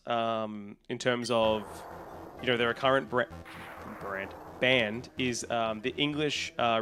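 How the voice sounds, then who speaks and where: A man's voice: medium pitch, a bit bright, slight background noise. An Australian man live-streaming a game, chatting casually and answering viewers' messages in a loose, rambling way. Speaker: livestreamer. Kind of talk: casual chat with live chat readers.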